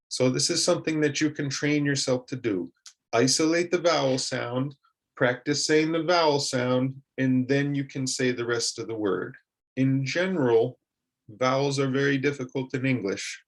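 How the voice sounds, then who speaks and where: Slow, gravelly male English teacher. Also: mid-range voice. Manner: models words slowly, then asks learners to repeat. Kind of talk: slow, deliberate teaching with modeled words.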